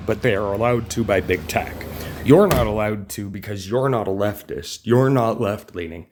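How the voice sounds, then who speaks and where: A man ranting in a political vlog, combative and mocking, loose and rambling with some swearing. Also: on the low side. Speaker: vlogger.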